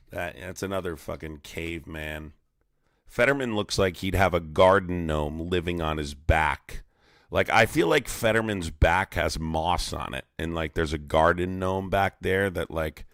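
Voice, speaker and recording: A man's voice: low-pitched, vocal fry, fairly bright tone, dry recording, studio quality. A man hosting a livestream, ranting in a profane, mocking, rambling way. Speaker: live streamer host. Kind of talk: casual ranting livestream commentary.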